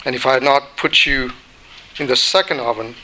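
Brief: steady, patient potter from a parable, read by a man, bright voice. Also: mid-range voice, brisk, a little hiss or hum, poor audio. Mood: calm. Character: patient old master potter, calm and firm.

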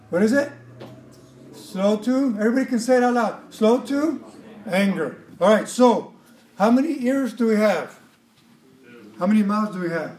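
A man preaching a sermon, emotional and expressive, acting out quotes with sudden loud outbursts. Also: sits high, normal speed, pauses often, reverberant. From Mexican background.

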